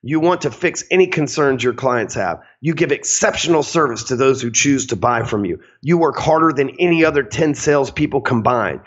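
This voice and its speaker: A man putting on a deep, slow, smooth soul-crooner voice to read affirmations in a hypnotic way. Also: animated, muffled recording. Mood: soothing, hypnotic.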